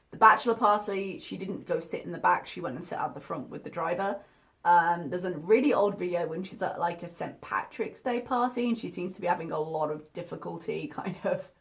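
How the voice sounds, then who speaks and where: A woman with a fairly low voice talks over a video she is reacting to. She comments candidly and critically, with chatty asides.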